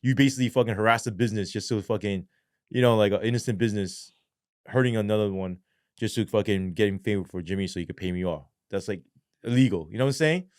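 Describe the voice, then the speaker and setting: A man's voice: on the low side, fast talker, no room sound, studio quality. A man who is a former police sergeant, telling a story in a casual interview, swearing often and acting out quotes. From New York. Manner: profane, animated storytelling with acted quotes.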